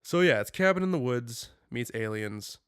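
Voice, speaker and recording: A young man co-hosting a podcast in casual chat, rambling and animated with lots of filler words. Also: mid-range voice, normal speed, clean tone, no room sound, clean studio sound. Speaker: podcast co-host.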